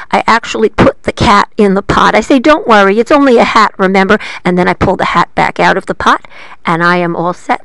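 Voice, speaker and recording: A woman librarian telling a story to children, playful and lively, asking her listeners questions as she goes. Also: medium pitch, vocal fry, no echo.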